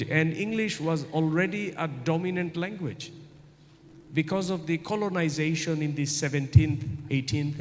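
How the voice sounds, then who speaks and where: A middle-aged man giving a university guest lecture, who asks his audience rhetorical questions and repeats points for emphasis. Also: a little high. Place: large lecture hall. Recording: echoey hall, faint ambient noise.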